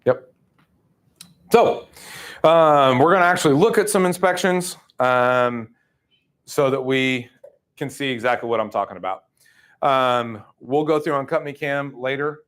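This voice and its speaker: A middle-aged man leading a sales training, telling stories casually and acting out quoted lines with sudden jumps in pitch. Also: fairly bright tone. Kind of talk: casual training talk with storytelling.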